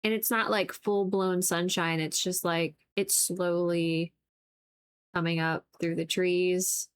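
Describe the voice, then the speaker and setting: A woman's voice: fairly low pitch, slow pace, smooth. Woman streamer chatting while she paints. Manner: rambling, relaxed, lots of "like".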